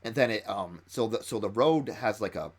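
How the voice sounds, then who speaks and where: A man who ran a tabletop game explains how he built an encounter, retelling it in an excited, stop-and-start way. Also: lowish voice, normal speed. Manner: excited storytelling with frequent restarts. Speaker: game master.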